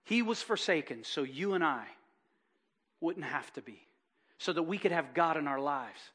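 A male pastor delivers an impassioned sermon, pressing his points with rhetorical questions. His voice sits high and rings bright and forceful. He swings between loud urgency and hushed, earnest passages. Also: animated, moderate pace. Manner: fervent preaching with rhetorical questions.

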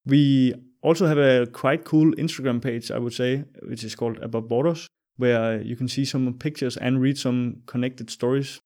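A man's voice: medium pitch, steady tone, normal speed, few pauses, a little mellow. A man with a Danish accent talks as a guest on a podcast, easygoing and a little hesitant. His English comes with ums and restarts, but he sounds friendly throughout. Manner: friendly, loose, hesitant with fillers. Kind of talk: casual interview chat.

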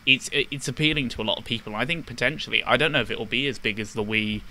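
A man's voice: medium pitch, fast talker, sharp tone. A man co-hosting a podcast, joking and teasing his friends in casual chat. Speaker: podcast co-host.

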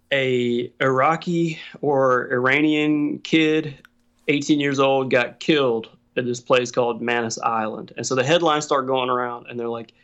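A man's voice: medium pitch, fairly bright tone, clear, resonant tone. A man telling a story in casual chat, swearing freely and laughing often. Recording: dull lo-fi sound.

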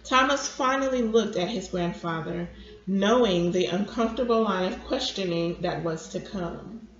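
A woman reading a romance novel aloud at a steady, unhurried pace. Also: mid-range voice. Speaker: reader. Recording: roomy, dull lo-fi recording.

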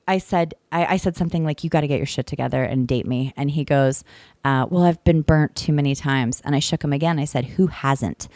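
A young woman on a podcast telling a personal story in a sassy, animated way, with her voice jumping from low to high. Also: dry recording. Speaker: podcast co-host. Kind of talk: casual chat, storytelling.

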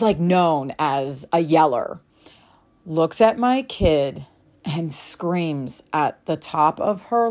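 A woman hosting a podcast, telling a story in a casual, chatty way, with many fillers and some laughter. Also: lowish voice. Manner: chatty, frequent "like" fillers, laughs between lines. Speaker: podcast host.

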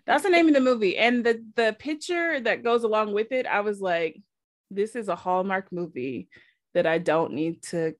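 A woman hosting a podcast tells stories in casual chat at normal speed, laughing often and acting out quotes with animation. Her voice is mid-range, and the studio-quality recording has no room sound.

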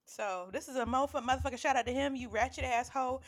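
Woman, high voice, podcast co-host, animated, curse-heavy storyteller. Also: fast talker. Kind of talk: casual chat.

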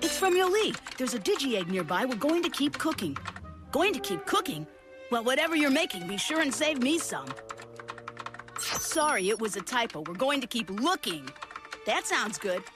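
A woman voicing a lively young kid hero in a dubbed cartoon clip. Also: sits high, normal speed. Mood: chatty. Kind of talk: cartoon dub dialogue. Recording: clip with music underneath.

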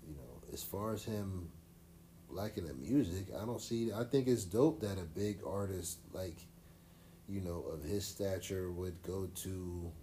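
A man co-hosting a casual podcast, his voice very low and dark in tone. He rambles easily, leaning on slang and fillers, over a faint hiss. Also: measured pace. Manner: laid-back, rambling, uses slang and fillers. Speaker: podcast co-host. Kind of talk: casual chat.

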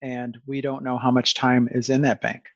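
A man's voice: mid-range voice, level tone, moderate pace, no room sound, lo-fi sound. A man hosting a conversational interview, rambling and self-aware with sarcastic asides. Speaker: podcast host.

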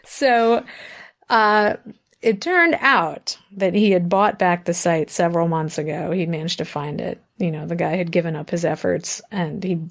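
A woman in her thirties, a musician guest in an interview, telling a story in a lively way, laughing often and acting out the things people said. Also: fairly low pitch, normal speed, vocal fry, hardly any pauses.

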